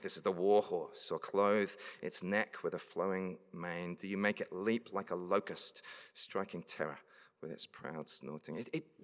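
A man's voice: low-pitched, a bit bright. A man preaching a sermon, reading scripture verses aloud and then explaining them in a conversational way. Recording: long reverb of a large hall.

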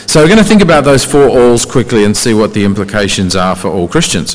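Male preacher, conversational sermon delivery, rhetorical questions, mid pitch, hall reverb. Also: big pitch swings, brisk, hardly any pauses.

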